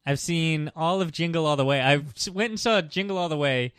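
A man's voice: a little high, a little fast, a bit bright, clean tone, dry recording. Playful male podcast co-host, dry close mic. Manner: playful, teasing banter. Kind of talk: casual chat.

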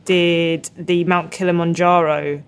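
A woman with a British accent co-hosting a podcast in a relaxed, chatty way, laughing easily. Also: lowish voice, takes it slowly, clean tone. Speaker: podcast co-host. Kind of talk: casual chat.

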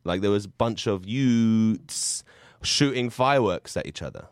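A man hosting an improv comedy show, excitable, yelping and laughing along. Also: lowish voice, unhurried, clear, resonant tone, no room sound. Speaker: host.

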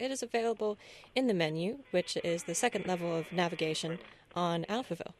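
A woman's voice: fairly low pitch, brisk, few pauses. A woman co-hosting a finance podcast, talking in a chatty, self-deprecating way with frequent ums and restarts. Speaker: podcast host, financial journalist. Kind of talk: casual podcast chat.

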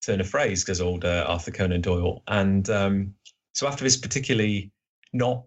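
A man in his thirties chats casually as a podcast guest, his low voice a little husky. He rambles and hedges, full of ums and self-deprecating asides. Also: steady tone, moderate pace. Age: 30s. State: slightly husky.

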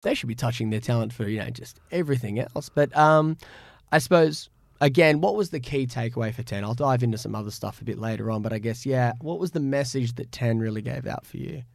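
A man's voice: medium pitch, a little fast, gravelly, dry recording. A man hosting a podcast, asking chatty, rambling questions full of fillers. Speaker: podcast host and journalist. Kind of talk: casual interview chat.

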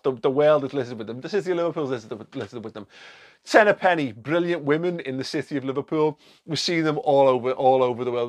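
Animated, laughing male podcast host. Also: mid-range voice. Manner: animated, laughing, sweary, lots of fillers. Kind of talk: casual commentary monologue.

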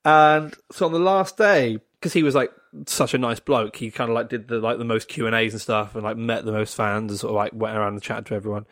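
A man's voice: medium pitch, a little fast, hardly any pauses, fairly bright tone. A man, a comedian, telling a rambling, self-mocking story, full of fillers and laughing often at himself. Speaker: comedian guest. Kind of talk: casual anecdote telling.

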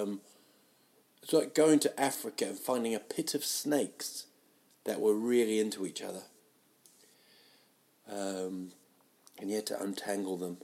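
A man hosting a solo podcast, rambling through silly tangents in a self-mocking way with sudden loud outbursts. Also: on the low side. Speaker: podcast host. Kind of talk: rambling solo comedy chat. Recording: home podcast mic, uneven sound.

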